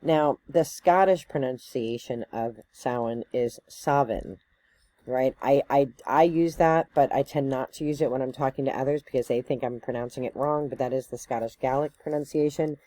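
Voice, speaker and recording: A spiritual teacher with a rumbling low, mellow voice gives a casual educational talk to camera at a moderate pace, barely pausing. She thinks aloud loosely, full of fillers, tag questions and self-corrections, and there's no echo.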